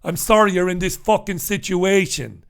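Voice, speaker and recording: High-voiced man ranting angrily. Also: normal speed, vocal fry, clean tone. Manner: heated ranting with heavy swearing, swings to shouting. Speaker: commentator reviewing newspapers. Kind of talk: angry solo commentary.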